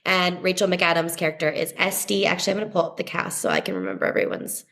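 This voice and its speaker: Young woman podcast cohost, lowish voice, rambly, lots of "like"s. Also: very animated, fast talker, fairly bright tone. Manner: chatty, many "like" fillers. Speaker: podcast co-host. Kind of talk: casual chat.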